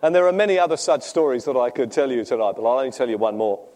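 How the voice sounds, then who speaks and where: Warm-voiced preacher telling jokes. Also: male voice, medium pitch, expressive, fast, a faint crowd. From Australia. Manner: jokey storytelling, laughs often at own stories. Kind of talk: sermon with humorous anecdotes.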